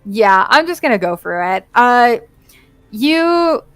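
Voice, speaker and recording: A woman's voice: fairly high pitch, very animated, takes it slowly, clear, resonant tone, no room sound, faint music behind, low-quality recording. A woman running a tabletop role-playing game as game master, narrating casually with fillers and frequent laughs.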